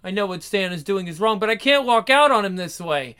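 A woman's voice: mid-range voice, expressive, fairly quick, a bit bright, clear, resonant tone, natural voice. An actress playing a devoted young wife who narrates her story in earnest, emotional 1940s radio acting. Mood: despairing.

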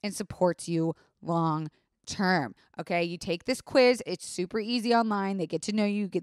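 A woman's voice: mid-range voice, no echo, clean studio sound. Profane young woman telling a story. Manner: profane, animated storytelling with quoted voices. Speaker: podcast host. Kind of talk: casual storytelling podcast.

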